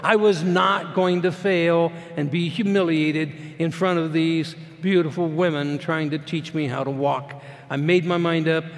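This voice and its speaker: A middle-aged man speaking as a motivational speaker, telling a personal story to a live audience in a plainspoken, folksy way that swings between hushed and loud. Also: a little high, fairly even intonation, unhurried. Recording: long hall reverb.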